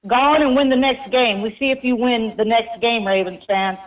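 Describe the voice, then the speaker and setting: A woman's voice: fairly high pitch, fairly even intonation, moderate pace. A woman with a Houston accent calling in to a sports show, ranting emphatically and swearing freely. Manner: fired up, profane, emphatic, ranting. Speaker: caller. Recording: tinny phone line.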